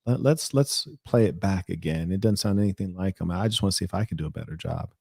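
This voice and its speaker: A man's voice: low-pitched, big pitch swings, quick pace, vocal fry, darkish tone, breathy edge, dry recording, clean studio sound. A man hosting a reaction video, speaking in an indignant, rambling and emphatic way. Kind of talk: reaction commentary.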